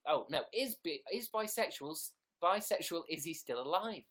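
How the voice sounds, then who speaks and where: A man's voice: a little high, lively intonation, moderate pace, a bit bright. A young British man chatting sarcastically on a livestream from his bedroom, playing a mock diva. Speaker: livestream host. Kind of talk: casual livestream chat.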